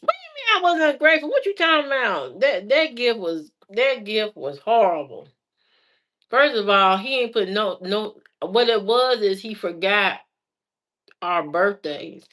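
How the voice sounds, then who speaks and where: A woman vlogger telling stories casually, with a lively voice that rises and falls a lot. Her talk is chatty and animated. She laughs often as she goes. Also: medium pitch, a little slow. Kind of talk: casual storytelling.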